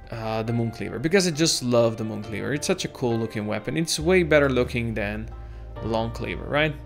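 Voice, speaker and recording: A relaxed man chatting through his game session in a casual, easygoing way, cursing offhand as he goes. His voice sits at an ordinary middle pitch, with soft background music running underneath. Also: creaky. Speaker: gaming video host. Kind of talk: casual let's-play commentary.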